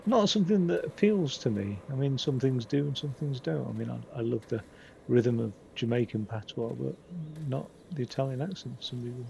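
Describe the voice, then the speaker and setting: A man's voice: mid-range voice, brisk, creaky, a little mellow, slight background noise, rough recording. A man streaming a game, musing wryly to himself in casual commentary. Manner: wry, musing, talks to himself while exploring. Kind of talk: casual let's-play commentary.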